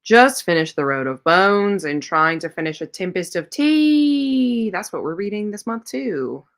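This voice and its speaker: A woman's voice: mid-range voice, lively intonation, measured pace. A woman hosting a casual reading livestream, chatting and telling stories as she reads viewer comments aloud and answers them. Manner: tells rambling personal stories. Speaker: host of a reading sprint livestream.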